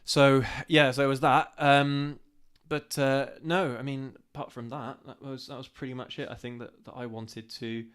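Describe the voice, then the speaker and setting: A man chatting casually as co-host of a live stream, rambling with restarts and getting animated when he complains. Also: medium pitch, moderate pace, hardly any pauses, clear, resonant tone. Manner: rambling, animated when ranting, laughs easily.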